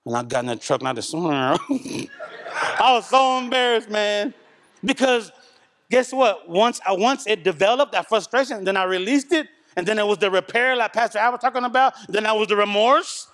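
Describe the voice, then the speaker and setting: Middle-aged male preacher from Oklahoma, high voice, animated storyteller; long hall reverb. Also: normal speed. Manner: animated, colloquial storytelling with shifts between loud and hushed. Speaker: pastor. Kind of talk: sermon. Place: church sanctuary.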